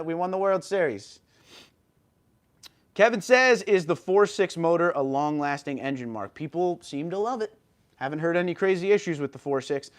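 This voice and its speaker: A man hosting a casual livestream, reading viewer comments aloud and answering them in an upbeat way. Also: fairly high pitch. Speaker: livestream host.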